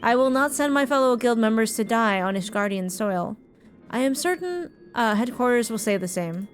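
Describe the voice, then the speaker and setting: A woman voicing a formal, steady adventurers' guild leader in a measured reading with small slips. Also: on the high side, soft background music, natural voice. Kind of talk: reading game dialogue aloud.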